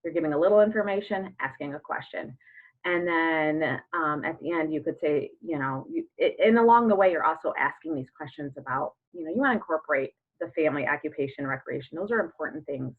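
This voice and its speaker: A woman in her thirties, a network marketing coach, gives a casual coaching talk full of fillers and acted-out sample conversations. Her voice is deep, animated and a little fast. The recording sounds narrow, like a phone.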